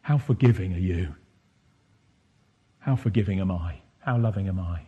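Low husky guy preaching, thoughtful, gets fired up now and then. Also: moderate pace, dark tone, highs cut off. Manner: reflective, rising to impassioned bursts. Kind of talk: sermon.

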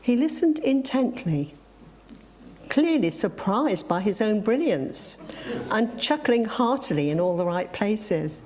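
A woman preacher reading a reflective story and moving into a sermon, gentle and with emphatic exclamations. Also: mid-range voice, sing-song, takes it slowly.

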